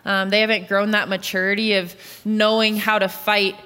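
A woman's voice: medium pitch, flat delivery, moderate pace, sharp tone, clear, resonant tone. A woman in her late twenties, a youth pastor, answering interview questions in an earnest, candid way. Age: late 20s. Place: church auditorium stage. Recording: long reverb of a large hall.

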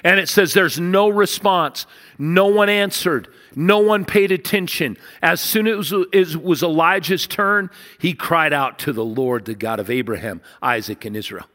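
Male preacher, bright forceful voice, slightly high, storytelling sermon. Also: a little slow. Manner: animated storytelling, voices characters, drops to hushed intensity. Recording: long reverb of a large hall.

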